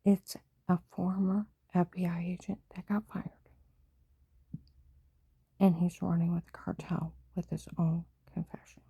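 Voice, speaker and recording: A woman speaks mostly in a hushed, unvoiced whisper, her low voice dark and gravelly with a breathy rasp. She talks urgently in run-on bursts and now and then breaks into louder outbursts, all close and dry with no room around her. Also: little pitch movement, a little slow, no echo. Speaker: vlogger. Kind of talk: rambling personal monologue.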